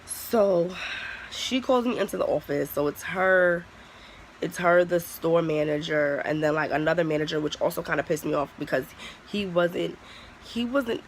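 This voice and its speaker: A young adult vlogger talks straight to camera in a loose storytime style, blunt and full of swearing. The voice has a gravelly, creaky edge and sits in a middle pitch. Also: moderate pace, a little hiss or hum, rough recording. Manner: candid, profane, heavy use of "like". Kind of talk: casual storytime vlog.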